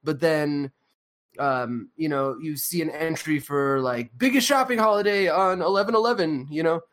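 Man, podcast co-host, slightly high voice, rambling, sarcastic, swears a lot. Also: normal speed, a bit bright. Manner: rambling, filler-heavy, sarcastic. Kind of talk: casual profane chat.

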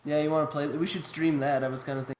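Giggly higher-voiced man on a call. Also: little pitch movement, very fast, crowd noise, low-quality recording. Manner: giggly, swearing, joking. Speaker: streamer, co-host. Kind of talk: casual chat. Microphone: online call mic with audio glitches.

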